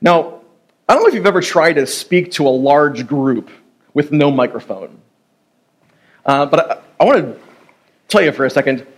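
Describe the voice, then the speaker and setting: Chatty joking pastor man with a fairly high voice. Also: animated, normal speed, pauses often. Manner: casual, joking, chatty with many fillers. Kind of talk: sermon. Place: church sanctuary.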